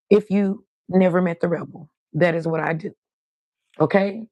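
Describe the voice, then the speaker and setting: A woman's voice: lowish voice, moderate pace, no echo, low-quality recording. A woman hosting her own live stream, chatting casually and playfully about real life and gossip. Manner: lively, playful, drawls words out. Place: at home, setting up in front of a ring light.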